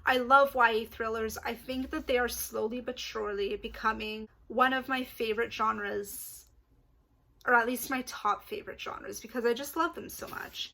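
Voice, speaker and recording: Young woman, book vlogger, casual chat, excitable, slightly high voice, bright. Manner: chatty, excitable, apologetic asides, laughs often.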